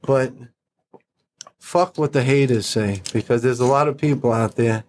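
A middle-aged man, a podcast guest, telling stories in a blunt, profane, animated way. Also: medium pitch, a little slow. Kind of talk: casual storytelling.

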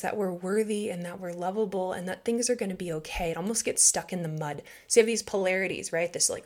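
A woman hosting a podcast, talking casually and reflectively about spirituality, filling her speech with "like" and "right?" and acting out the inner voices she quotes. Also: medium pitch. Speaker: podcast host.

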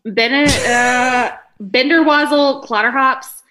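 A woman joins in on a casual movie podcast with a playful, joking delivery. Her voice is bright and sharp. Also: sits high, takes it slowly. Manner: playful, jokey. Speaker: podcast co-host. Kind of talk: casual film review chat.

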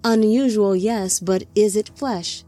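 Woman speaking as a calm, gentle divine lord. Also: mid-range voice, faint music behind. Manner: soft, measured, reassuring.

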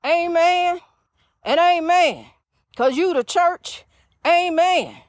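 High-voiced woman preaching on her podcast. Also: slow, no room sound, clean studio sound. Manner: chatty and preachy, calls listeners honey. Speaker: podcast host. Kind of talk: casual faith-talk podcast monologue.

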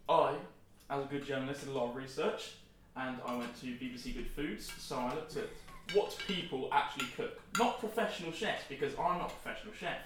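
A man's voice: mid-range voice, fairly quick, a bit bright, a little hiss or hum. A young man in his twenties hosting a casual family podcast, playfully announcing his dishes with mock ceremony. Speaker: podcast host. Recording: roomy, distant mic, faint clatter.

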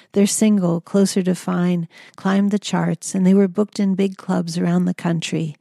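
A woman tells her own story in a calm, measured audiobook reading. Her voice sits low and mellow with a gravelly edge, and the dry booth recording keeps it close and plain. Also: no room sound. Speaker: memoir narrator. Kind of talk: audiobook memoir narration.

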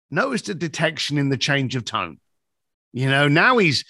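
Animated man acting out a story. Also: a little fast, no room sound, clean studio sound. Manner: acts out both sides of a phone call, shifting pitch a lot. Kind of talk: animated anecdote.

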